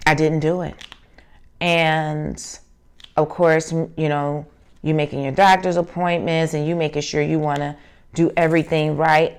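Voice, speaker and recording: Low, gravelly woman in her forties. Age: 40s. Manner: earnest, emphatic, acts out remembered dialogue. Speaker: craft channel host. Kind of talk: casual storytelling chat.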